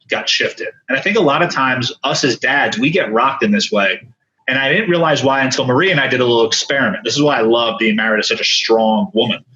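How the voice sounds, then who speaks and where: Bright-voiced, animated man on a podcast. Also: mid-range voice, muffled recording, slight background noise. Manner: animated and earnest, tells stories with many asides and restarts. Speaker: podcast guest, speaker and coach. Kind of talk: candid storytelling in conversation.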